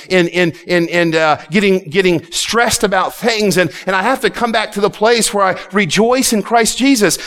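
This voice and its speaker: A pastor preaching with fervent, driving repetition, his voice sitting noticeably high for a man. He often stammers and restarts lines as he builds his point, then hammers it home again. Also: fairly bright tone. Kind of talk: sermon.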